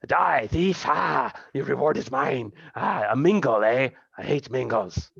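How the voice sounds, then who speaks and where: A man's voice: mid-range voice, expressive, a little slow, vocal fry, a bit bright, breathy edge, dry recording, lo-fi sound, exaggerated voice. A man voicing a hostile, boastful male bandit fighter in a tabletop game. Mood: snarling.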